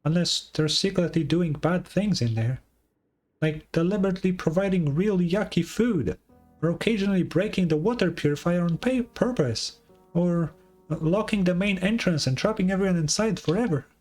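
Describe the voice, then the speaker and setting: A man voicing a tiny, excitable female companion in a game fan dub, chattering in a squeaky, animated way. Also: normal speed, faint music behind. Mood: chatty. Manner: squeaky, animated, talks about herself in third person.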